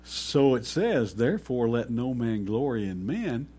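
A man preaching a sermon slowly and emphatically, pausing often and rising to sudden loud peaks. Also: medium pitch, very animated, husky. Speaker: pastor.

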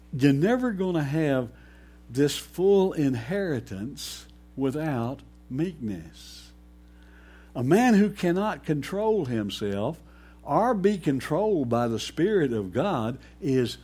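Guy preaching a sermon, slow and emphatic, kinda husky, warm low tone. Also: sing-song. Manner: slow, emphatic preaching with pauses and sudden loud peaks. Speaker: pastor.

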